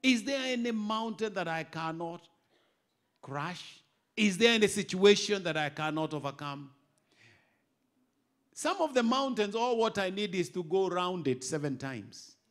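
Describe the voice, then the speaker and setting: A middle-aged Kenyan bishop preaching an animated sermon, moving from quiet asides to loud exhortation. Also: male voice, sits high, unhurried. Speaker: bishop and pastor.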